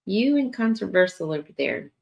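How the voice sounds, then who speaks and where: Her voice sits at medium pitch, swinging widely up and down, with vocal fry. As a tired morning livestream host, she chats with viewers casually, drawing out her speech with frequent fillers and yawning.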